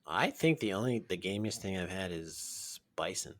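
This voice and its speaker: A man co-hosting a podcast in casual chat, low-key and often trailing off quietly. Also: lively intonation, moderate pace. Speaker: podcast co-host.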